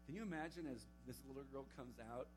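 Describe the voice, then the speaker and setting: A young man giving a camp sermon to teenagers, telling a Bible story with lively acted-out quotes. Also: medium pitch, quick pace, music in the background, poor audio. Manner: animated storytelling, acting out quotes. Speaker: camp speaker. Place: camp meeting hall.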